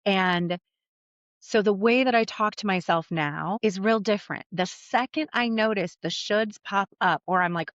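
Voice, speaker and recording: A woman's voice: mid-range voice, normal speed, fairly bright tone, no room sound, muffled recording. A woman coach hosting her own podcast, talking candidly and conversationally and swearing casually. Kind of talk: solo podcast monologue.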